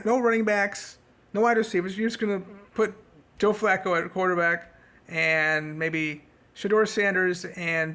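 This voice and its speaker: A man giving a casual, rambling sports rant to camera as a vlogger. He talks sarcastically and jumps into a high mocking voice. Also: a bit bright.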